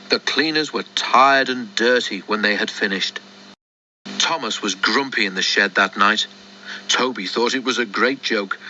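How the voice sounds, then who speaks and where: A man narrating a children's storybook in a lively, expressive read-aloud, on a dull lo-fi recording. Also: mid-range voice. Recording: dull lo-fi recording with faint noise.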